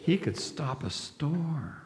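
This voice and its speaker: A leader telling a Bible story to children in a church, animated and coaxing them to join in. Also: medium pitch, takes it slowly, crowd noise. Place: church sanctuary. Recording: echoey hall with loud background hiss.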